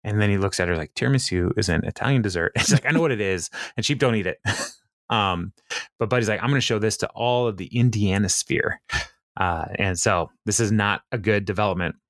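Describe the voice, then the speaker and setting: A man's voice: lowish voice, fairly quick, fairly bright tone, no echo, studio quality. A man chatting casually on a podcast, retelling a TV episode with frequent laughs and fillers. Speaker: podcast co-host. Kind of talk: casual chat recapping a TV episode.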